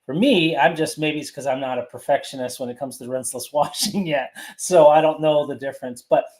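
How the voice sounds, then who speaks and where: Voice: mid-range voice, a little fast, a little mellow. A podcast co-host in casual chat, rambling and repeating words while thinking aloud.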